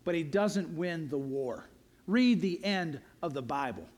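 High-voiced pastor preaching earnestly. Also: male voice, expressive, measured pace, darkish tone. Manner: earnest, emphatic preaching with repeated refrains. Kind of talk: sermon.

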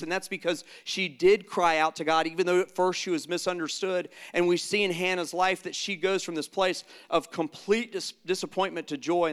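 Middle-aged pastor guy preaching, kinda high voice, earnest, goes loud then hushed. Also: clean tone. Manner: earnest preaching, swings from loud emphatic lines to hushed near-whispers. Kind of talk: sermon.

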